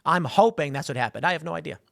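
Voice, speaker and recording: A man talks straight to his listeners in a loose, conversational way, slipping into quick impressions of the people in his story. His voice sits a little higher than most men's. The sound is close and dry. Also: animated, gravelly, a bit bright, no echo. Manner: conversational storytelling, acts out quotes. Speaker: political commentary host. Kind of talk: solo political commentary.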